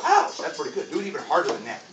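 Lively playful karate coach, echoey. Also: male voice, fairly high pitch, very fast, muffled recording, very noisy. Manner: playful, encouraging coach, talks simply to kids. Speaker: martial arts instructor. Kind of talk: instructing children at a belt test. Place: martial arts studio. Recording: echoey room from far away with music.

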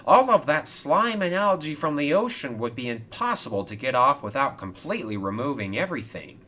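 A man's voice: mid-range voice, sing-song, brisk, pushed and bright, slight background noise, voice pushed up. A man voicing a matter-of-fact male railway workman in a toy train storybook video.

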